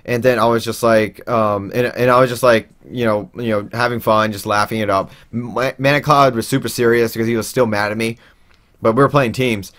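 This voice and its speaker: A young man tells a personal story at a mid-range pitch. He rambles and restarts often, filling pauses with "uh" and "like". When he quotes others, his voice jumps up into animated impressions. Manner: rambling, with many fillers and restarts; acts out quoted people in raised voices. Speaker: interviewee telling a personal story. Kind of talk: casual spoken storytelling.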